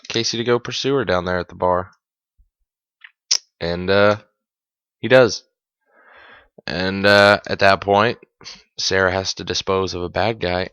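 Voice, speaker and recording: Male podcast host, low voice, chatty and amused, dull dry home recording. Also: a bit bright, clear, resonant tone, no echo. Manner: chatty, amused, corrects himself mid-sentence. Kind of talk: casual episode recap.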